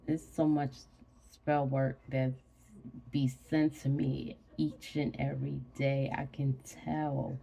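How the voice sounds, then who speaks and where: Sleepy woman, gravelly voice, slow rambling casual chat. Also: low voice, warm tone. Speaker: vlogger.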